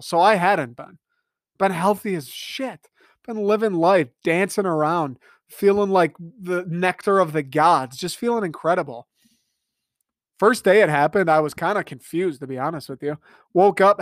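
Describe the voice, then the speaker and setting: Young male podcast host, slightly high voice, dry close sound, swearing storyteller. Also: no room sound. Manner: profane, animated storytelling with mock dialogue. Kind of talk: casual solo monologue.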